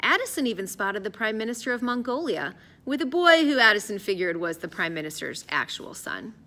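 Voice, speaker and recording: A woman narrating an audiobook in an expressive, lively storytelling voice. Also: medium pitch, a little fast. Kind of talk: scripted narration.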